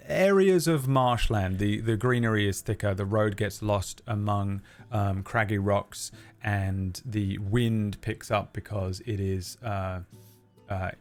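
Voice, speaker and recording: A man running a tabletop game as game master, describing scenes in an unhurried way with many fillers. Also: on the low side, faint music behind.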